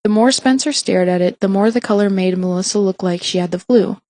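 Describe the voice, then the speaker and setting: A woman narrating fiction aloud in a mid-pitched voice. She reads evenly, with the odd slip and restart left in. The sound is dry and close, with no room around it. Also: fairly quick, dry recording. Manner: even reading with small slips and restarts. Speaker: audiobook reader.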